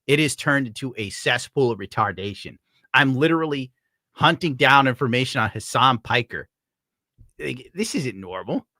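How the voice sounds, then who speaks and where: A man's voice: medium pitch, animated, moderate pace, pushed and bright, dry recording, clean studio sound. A man streaming live, reading out donations in a rambling, profane, joking way. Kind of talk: casual live-stream chat.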